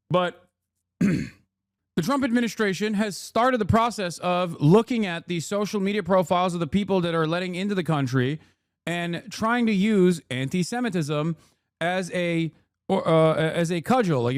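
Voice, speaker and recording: A man's voice: high voice, no room sound. A man doing casual livestream commentary, sarcastic and profane, riffing and talking into a close desk mic. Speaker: streamer and political commentator.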